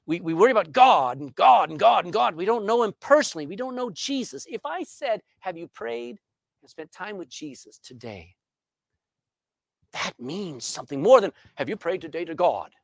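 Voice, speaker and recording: A middle-aged man preaching a sermon, swinging between loud emphasis and hushed asides. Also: sits high, expressive, normal speed, gravelly, no echo, studio quality. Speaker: pastor. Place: church sanctuary.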